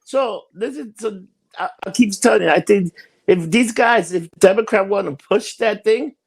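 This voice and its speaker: A man's voice: high voice, normal speed, vocal fry, husky. A man co-hosting a podcast, ranting in profane casual chat and laughing often. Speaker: podcast co-host.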